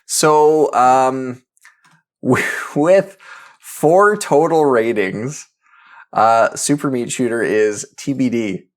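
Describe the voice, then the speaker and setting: A man co-hosting a casual podcast, easygoing and quick to laugh as he asks for ratings. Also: mid-range voice. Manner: easygoing, laughs often, leads the segments. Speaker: podcast co-host asking for ratings. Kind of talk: casual chat.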